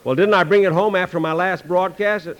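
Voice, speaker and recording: A man's voice: high-pitched, steady tone, a little fast, natural voice. A man with a dry, exasperated manner, playing the lead in a 1940s radio comedy. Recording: old radio broadcast with audience laughter.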